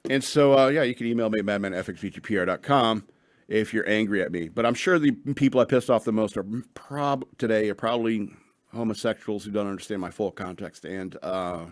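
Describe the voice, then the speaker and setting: A man's voice: on the low side, brisk, no room sound, clean studio sound. A man hosting a radio show, ranting and reading news stories in a rambling, profane way with lots of restarts, a bit tipsy.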